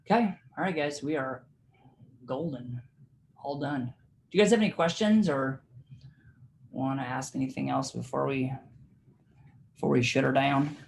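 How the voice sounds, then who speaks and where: A man's voice: medium pitch, moderate pace, vocal fry, pauses often. A man leading a real estate training class in a casual, chatty way, with lots of fillers and laughs as he tells stories, heard over a video call. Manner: chatty and informal, many fillers, laughs while telling stories. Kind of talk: casual teaching of a training session.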